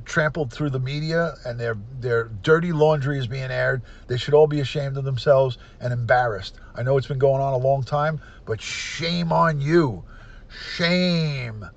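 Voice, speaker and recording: Middle-aged new guy on a livestream, reads chat, greets people, says it straight. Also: medium pitch. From United States. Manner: reads out viewer comments and greets them by place; blunt and opinionated. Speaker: livestream host.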